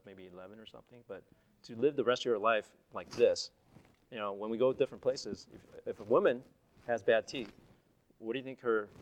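Presenting at a seminar, a man with a lowish voice tells stories from his slides in a chatty, conversational style, often restarting his sentences. A little hiss or hum can be heard in the recording.

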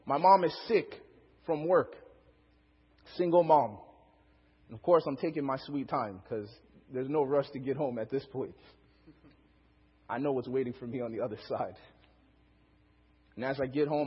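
A man's voice: on the high side, breathy edge, long reverb tail, dull audio. A young male preacher telling a personal story as a sermon, acting out the quotes and laughing often.

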